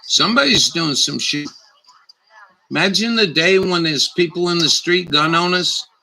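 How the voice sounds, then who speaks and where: Gravelly, bright-voiced ranting man. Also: fairly high pitch, moderate pace, rough recording. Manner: profane, scornful, rambling. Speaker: livestream commentator. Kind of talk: ranting live commentary.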